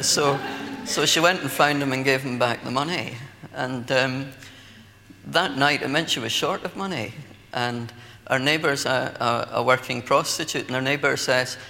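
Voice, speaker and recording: A man's voice: mid-range voice, steady tone, moderate pace, sharp tone, slight background noise. A Scottish man preaching a sermon, telling stories in a conversational way with light laughter. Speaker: pastor. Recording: long hall reverb, faint ambience.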